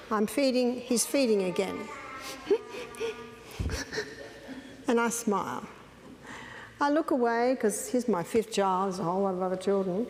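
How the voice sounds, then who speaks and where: Woman lecturing in an echoey hall. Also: a little high. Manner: direct, storytelling, firm. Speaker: lecturer on child raising. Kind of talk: lecture with personal anecdotes. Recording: echoey hall, faint background noise.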